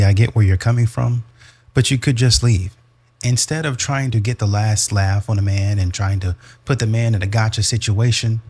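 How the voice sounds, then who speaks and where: A man's voice: on the low side, a little mellow, husky. A man hosting a reaction video, giving blunt, scolding commentary on clips with a mocking edge.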